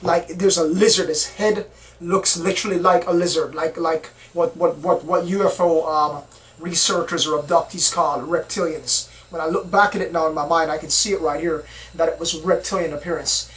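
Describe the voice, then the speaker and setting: High-voiced man telling his story. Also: steady tone, normal speed, fairly bright tone, poor audio. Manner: rambling, repeats himself, earnest. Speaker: experiencer recounting encounters. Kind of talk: personal account, casual storytelling.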